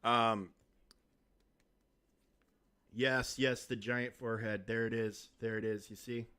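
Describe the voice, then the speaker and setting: A man's voice: medium pitch, fairly even intonation, takes it slowly, sharp tone, smooth. A man casually chatting on a live game stream from a home desk, rambling and restarting his sentences. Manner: rambling, self-interrupting, chatty. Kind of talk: casual live-stream chat while gaming. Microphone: desk mic on a stand.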